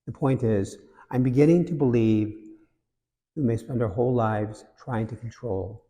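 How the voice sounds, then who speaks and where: A man's voice: medium pitch, normal speed, dark tone, in a large hall. A man, a priest and cathedral rector, giving a conversational homily and telling jokes between reflections. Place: large cathedral.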